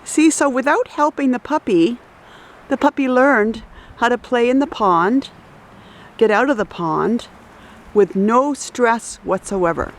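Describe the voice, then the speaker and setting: A woman's voice: fairly high pitch, takes it slowly. A woman dog breeder narrating a casual outdoor video beside a pond, chatty and coaxing as she calls to the dogs.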